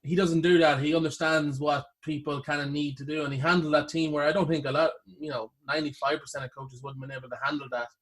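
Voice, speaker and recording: A man from Ireland hosts a relaxed sit-down interview. His voice sits slightly high, and he talks in a loose, chatty way, thinking aloud with frequent fillers as he builds toward each question. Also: fast talker, few pauses. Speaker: interviewer, host. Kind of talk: casual interview chat.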